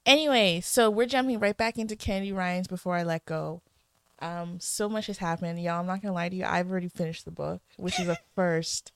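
A woman co-hosting a podcast, chatting excitably with frequent laughter and quick asides. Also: fairly low pitch, smooth, no room sound. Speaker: podcast co-host. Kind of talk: casual podcast chat.

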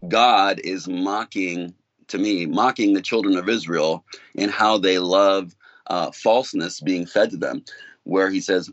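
A man co-hosting a talk show in a measured, casual way, often quoting scripture. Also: deep voice, dry recording, lo-fi sound. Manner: measured, quotes Bible verses. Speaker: radio co-host.

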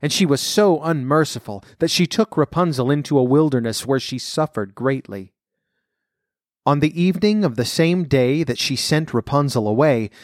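A man reading a fairy tale aloud in a measured, even way, then talking about where the story came from. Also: mid-range voice, no echo, clean studio sound. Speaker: storyteller and folklore commentator.

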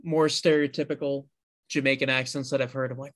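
A man's voice: mid-range voice, little pitch movement, fairly quick, fairly bright tone. A man co-hosting a casual podcast chat, telling a story in a rambling, self-correcting way. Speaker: podcast co-host.

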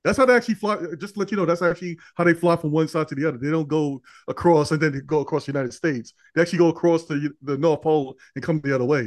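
Fast-talking, higher-voiced man bantering about sports. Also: steady tone, no room sound, clean studio sound. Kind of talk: casual sports talk.

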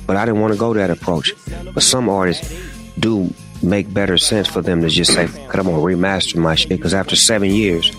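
A man speaking casually in an interview clip, explaining his point in a relaxed, conversational way. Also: low-pitched, normal speed, faint music behind. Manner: laid-back, conversational, explaining.

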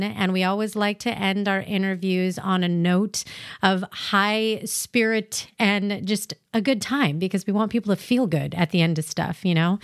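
A woman's voice: medium pitch, no echo, clean studio sound. A woman co-hosting a podcast interview, upbeat and affirming toward her guest. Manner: enthusiastic, affirming. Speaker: podcast co-host. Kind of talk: casual interview chat.

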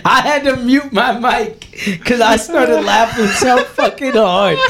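A man's voice: very high-pitched, takes it slowly, noisy background. A man hosting a podcast, telling stories with lots of swearing and laughter. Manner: profane, laughing storyteller. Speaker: podcast host. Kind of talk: casual chat.

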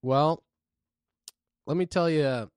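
A man's voice: on the high side, slow, darkish tone, clean tone, no room sound, studio quality. A man co-hosting a podcast, telling a loose, rambling story in casual chat full of fillers. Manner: laid-back, rambling storytelling with frequent fillers. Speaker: podcast co-host.

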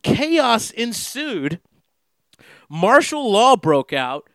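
A man's voice: sits high, big pitch swings, drawn-out words, dry recording. A man chatting casually in a rambling, profane way, laughing through his story. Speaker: vlogger. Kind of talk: casual chat. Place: Los Angeles.

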